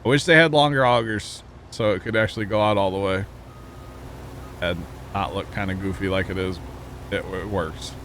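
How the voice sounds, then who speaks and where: A man's voice: low-pitched, moderate pace, fairly bright tone, a little hiss or hum. A man streaming a farming game, chatting casually and joking with his chat. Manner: chatty, jokey, reading chat aloud.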